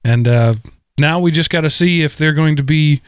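A man chatting casually about tech, explaining points at a measured pace with some uh fillers. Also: a little high, smooth, dry recording, studio quality. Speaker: podcast co-host.

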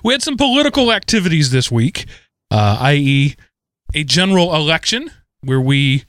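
A man's voice: on the high side, big pitch swings, normal speed, fairly bright tone, no room sound. Rambling man, dry close mic. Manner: rambling, self-correcting storyteller. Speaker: podcast co-host. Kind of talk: casual chat.

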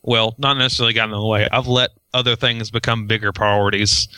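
A man's voice: on the low side, level tone, fast, pushed and bright, clean tone, dry recording. A man co-hosting a casual podcast, talking in a wry, self-deprecating way. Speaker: podcast co-host.

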